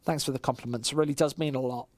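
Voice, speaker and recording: A man with a West Midlands English accent doing solo play-by-play commentary on a live stream, casual and chatty with chat, surging loud and high on big plays. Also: fairly even intonation, rapid-fire, dry recording. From West Midlands, England. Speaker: esports commentator.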